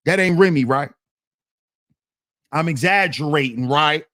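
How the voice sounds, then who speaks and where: A man's voice: a little high, expressive, takes it slowly, long pauses, a bit bright. A man hosting a commentary channel, talking in a casual, slang-heavy, emphatic way.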